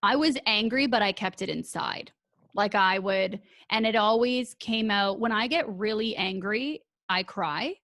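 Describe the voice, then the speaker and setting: Animated woman podcast host, dry sound. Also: mid-range voice, unhurried, dry recording. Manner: animated, laughing, swears freely. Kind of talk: casual chat.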